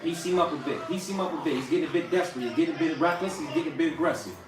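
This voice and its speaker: A man hosting a live stream, giving casual, profane fight commentary and yelling coaching at the screen. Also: on the high side, rapid-fire, noisy background. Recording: echoey room, distant mic, music behind.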